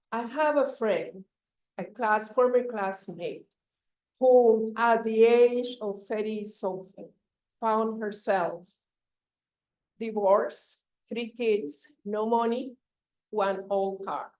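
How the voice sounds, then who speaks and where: A woman giving a live public speaking seminar, coaching in an emphatic way and pausing for emphasis, recorded at a hotel event. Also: mid-range voice, darkish tone. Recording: echoey room from far off.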